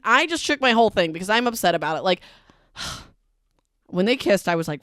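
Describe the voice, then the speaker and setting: A woman's voice: medium pitch, very animated, normal speed, long pauses, a bit bright, no room sound, clean studio sound. A woman hosting a casual book recap podcast, talking in a chatty, emphatic way and filling her speech with "like". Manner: chatty and emphatic, heavy use of "like". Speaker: podcast host.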